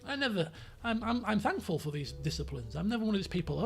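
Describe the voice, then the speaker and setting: Animated man with a high, gravelly voice. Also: fast, faint music behind. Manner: animated, rambling anecdotes with acted-out quotes. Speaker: streamer. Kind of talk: casual storytelling on a live stream.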